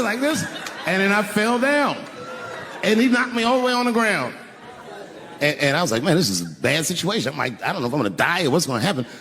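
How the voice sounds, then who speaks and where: A man doing profane, animated stand-up storytelling on stage with a handheld mic, punching up lines with sudden shouts. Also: a little high, noisy background. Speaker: stand-up comedian. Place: stage in a large venue. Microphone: handheld microphone. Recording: echoey live venue.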